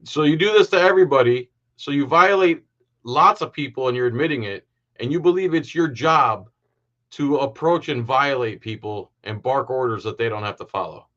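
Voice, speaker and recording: A man's voice: medium pitch, moderate pace, a bit bright, dull audio. A man hosting a reaction commentary who talks in an angry, sarcastic and insulting way. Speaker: commentary host. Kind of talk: reaction commentary over video.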